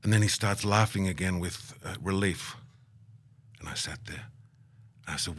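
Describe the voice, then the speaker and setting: A man's voice: sits low, moderate pace, pauses often. A middle-aged man telling a travel story in an interview, acting out quotes and laughing often. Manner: animated anecdote-teller, acts out quotes, laughs often. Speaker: guest, aid worker.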